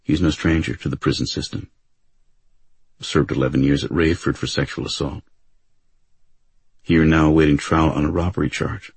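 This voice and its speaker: A patient male defense lawyer, read by a man in a deep, husky voice. He speaks quietly and evenly, close and dry to the mic. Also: fairly even intonation, no echo, heavily acted. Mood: gentle, measured. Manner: quiet, measured questioning.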